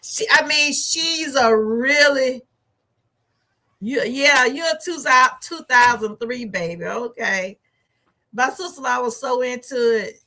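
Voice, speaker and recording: Bright-voiced chatty woman. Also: high-pitched, slow. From Georgia, USA. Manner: animated, chatty storytelling with laughs and asides. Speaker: movie review vlogger. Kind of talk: casual chat.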